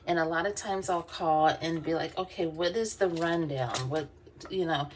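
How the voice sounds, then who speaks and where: A woman's voice: sits low, moderate pace, a little hiss or hum. A woman vlogger, telling a work story in a casual, chatty way, with lots of fillers and laughs. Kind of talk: casual storytelling while doing her hair.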